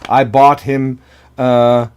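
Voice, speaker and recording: A man whose first language is Dutch chats on a casual podcast panel. He speaks haltingly, repeating words and filling pauses with "uh". His pitch sits mid-range for a man. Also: level tone, a little mellow, clean tone.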